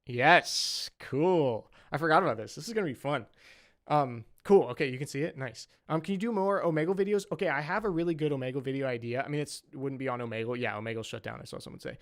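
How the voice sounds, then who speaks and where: A man's voice: mid-range voice, quick pace. A young man chatting casually on a livestream as a saxophonist, rambling with lots of "like" and "um". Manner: rambling, full of "like" and "um". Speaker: saxophonist streamer.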